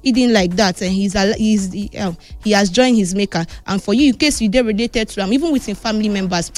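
A woman with a Nigerian Pidgin accent presenting a chatty sports news roundup, moving between excited and somber tones. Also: medium pitch, fairly quick, few pauses. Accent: Nigerian Pidgin English.

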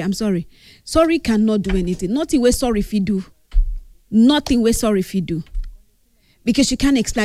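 A woman's voice: mid-range voice, dark tone, no echo, clean studio sound. A grieving woman with a Nigerian accent gives an earnest tribute, mixing English with Pidgin. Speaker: grieving friend giving a tribute. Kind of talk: emotional spoken tribute.

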